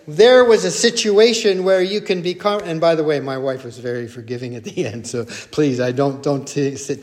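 Older male preacher, earnest and repetitive. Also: medium pitch. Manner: earnest, repetitive, with storytelling asides. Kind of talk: sermon.

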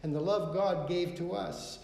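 A man's voice: a little high, measured pace, darkish tone. A man preaching a sermon, quoting scripture with emphasis and asking rhetorical questions. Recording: echoey hall with long reverb.

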